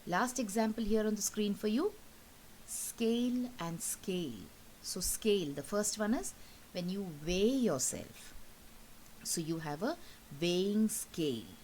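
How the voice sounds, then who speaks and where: Indian English teacher, patient and explanatory. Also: female voice, medium pitch, expressive, unhurried, a little mellow, a little hiss or hum, low-quality recording. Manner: patient and explanatory, repeats points and checks with "okay?". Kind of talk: recorded online class lesson.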